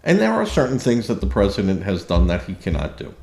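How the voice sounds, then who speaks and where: A man's voice: lowish voice, wildly swooping pitch, brisk, creaky, darkish tone, echoey room. A man hosting a political commentary show, talking indignantly and sarcastically, with many fillers and restarts. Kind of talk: opinion commentary monologue.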